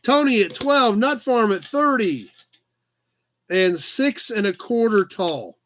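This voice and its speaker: A man running a casual livestream auction and chatting easily with his viewers. His voice sits very high for a man and sounds bright and forward. He keeps an upbeat, talky flow as he reads out bids. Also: animated, takes it slowly, a little hiss or hum. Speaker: live auction host.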